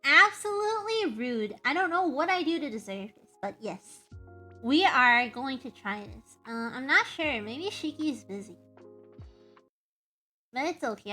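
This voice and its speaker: Bright, lively high-voiced woman streamer. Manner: chatty, self-mocking, greets chat by name; playful, hums and makes silly noises. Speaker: VTuber game streamer. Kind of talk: casual live-stream chat.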